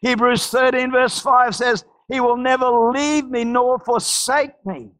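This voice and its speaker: A man preaching a charismatic church sermon, fervently shouting praises and repeating phrases. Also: very high-pitched, fairly even intonation, a little slow. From Australia. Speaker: pastor. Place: church service.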